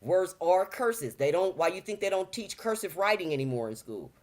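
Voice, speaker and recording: This woman in her fifties is a talk show guest chatting casually, animated and a bit preachy, packing in slang and acting out little quoted voices. Her voice is lowish and her speed normal.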